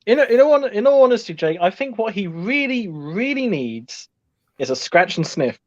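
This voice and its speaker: A man's voice: high-pitched, very animated, moderate pace. A man laughing often while chatting on a call. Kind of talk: casual chat on a call. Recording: lo-fi call audio.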